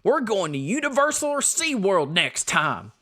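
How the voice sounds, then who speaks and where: A man doing a shrill Southern tourist. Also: sing-song, sharp tone, heavily acted. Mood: indignant. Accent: put-on Southern US. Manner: high, indignant, drawn-out complaining. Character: shrill angry Southern theme park tourist. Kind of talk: reading reviews in a comic voice.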